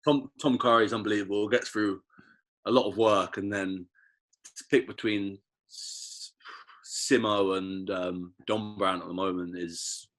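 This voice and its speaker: A young English man talks in an easy, slightly low voice. He is relaxed and chatty, trips into restarts as he tells stories, and sounds like a podcast guest. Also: unhurried. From England. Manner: relaxed, storytelling, frequent restarts. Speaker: interview guest, rugby player. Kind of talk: casual podcast chat.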